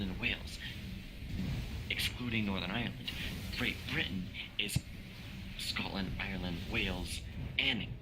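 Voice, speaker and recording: A young man, clearly drunk, rambles through a long story in a somewhat low voice, cursing at nearly every turn. His voice chat line carries a steady hiss of background noise. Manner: rambling, slurred, swears constantly. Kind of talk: casual chat with friends over voice chat.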